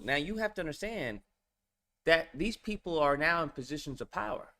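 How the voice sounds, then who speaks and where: A man's voice: on the high side, animated, moderate pace, pushed and bright. A man hosting a reaction video, giving casual commentary and exclaiming in disbelief as he repeats himself.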